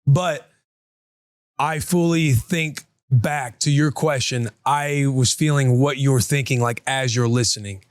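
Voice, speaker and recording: A man co-hosting a casual podcast, telling a family story with lively reenactments of his toddler. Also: mid-range voice, slow pace, no room sound, clean studio sound. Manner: animated storyteller, acts out his toddler's lines. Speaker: podcast co-host. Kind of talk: casual chat.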